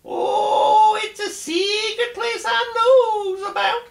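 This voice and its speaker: A man voicing a sly male rabbit in a told folk tale, squeaky and breaking into laughter. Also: little pitch movement, racing, gravelly, mellow, reverberant. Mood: giddy. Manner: high, laughing, breathless.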